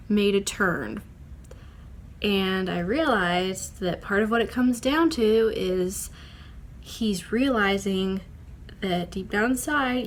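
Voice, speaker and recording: A woman's voice: medium pitch, a little hiss or hum. A young woman, chatting casually in a writing vlog, rambling with lots of fillers. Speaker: vlogger.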